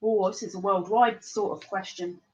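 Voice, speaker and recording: A woman hosting a live-streamed trivia game, chatty and playful, reading the questions out slowly. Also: medium pitch, fairly even intonation, a little mellow, highs cut off. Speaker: livestream quiz host.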